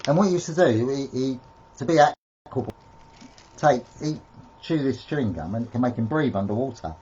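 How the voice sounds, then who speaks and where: A man's voice: medium pitch, expressive, a little fast, dark tone, slightly rough, lo-fi sound. A man co-hosting a casual live stream, telling rambling stories and laughing at himself. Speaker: co-host.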